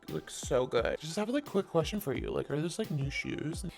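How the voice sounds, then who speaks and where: A woman voicing a sneering male prosecutor who talks in a mock-friendly drawl full of "like", lower and softer than her own voice. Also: expressive, a little fast, faint music behind. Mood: mock-sweet. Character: sneering male prosecutor, fake-sweet and mocking.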